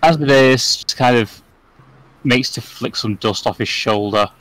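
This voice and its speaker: A male game master narrating a tabletop game in a measured, descriptive way. His voice sits mid-pitch, and he takes his time. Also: a bit bright, dry recording, low-quality recording.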